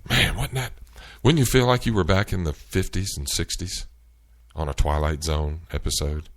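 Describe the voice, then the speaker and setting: A man hosting a show, telling an animated, exasperated story in casual chat. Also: sits low, normal speed. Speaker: show host. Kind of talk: storytelling rant.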